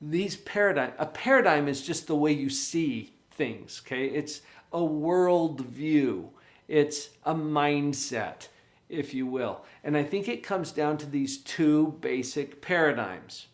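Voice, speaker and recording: A man, a parenting coach and author, giving an animated motivational talk to camera, full of rhetorical questions. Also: a little high, slow pace.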